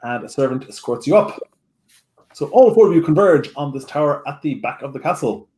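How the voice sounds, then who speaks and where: A man's voice: a little high, lively intonation, brisk, dark tone. A man narrating a tabletop game as game master, with frequent hesitations and fillers.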